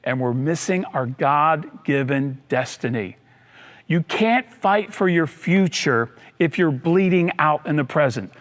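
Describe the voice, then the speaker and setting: A man preaching a sermon as pastor, swinging between emphatic high bursts and low dropped lines, acting out the voices of people in his story and repeating key lines. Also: a little slow, a bit bright, slight background noise.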